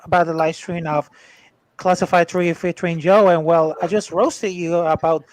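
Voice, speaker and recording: Halting, high-voiced man chatting. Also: fairly even intonation, no echo. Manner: halting, restarts phrases, loose grammar. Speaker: show panelist. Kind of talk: casual chat on a live stream.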